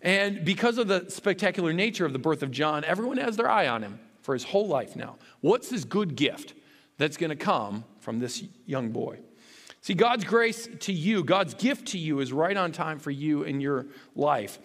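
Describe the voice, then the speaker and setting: High-voiced pastor man preaching, earnest then fervent, big echoey church hall. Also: animated, normal speed, fairly bright tone. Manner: earnest, builds to fervent and emphatic. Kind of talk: sermon. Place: church sanctuary. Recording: long hall reverb.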